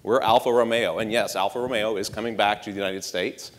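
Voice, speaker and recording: A man's voice: lowish voice, fairly even intonation, brisk, slight background noise. A middle-aged man giving a conference keynote, punchy, with rhetorical questions and dry sarcastic asides. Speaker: marketing executive giving a conference talk. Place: large conference hall. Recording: hall reverb from a stage.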